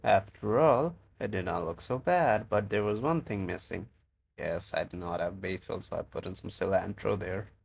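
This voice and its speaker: A man with a low, slightly rough voice and vocal fry narrates his cooking vlog at a moderate pace. Accented as a non-native English speaker, he keeps the casual voice-over chatty and self-mocking.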